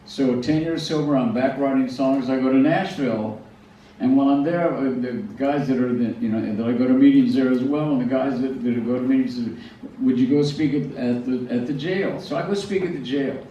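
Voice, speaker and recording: A man's voice: mid-range voice, fairly quick, warm tone, slight background noise. Older man telling stories in an echoey hall. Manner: self-deprecating, stammering restarts. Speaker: speaker at a museum talk. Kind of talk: storytelling talk to an audience. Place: large hall. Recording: far-off echoey hall, dull sound.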